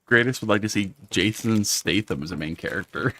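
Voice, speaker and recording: A man's voice: lowish voice, fairly quick, sharp tone, no echo. A man chatting casually on a gaming stream, rambling wryly and searching for words. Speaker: co-player reading chat.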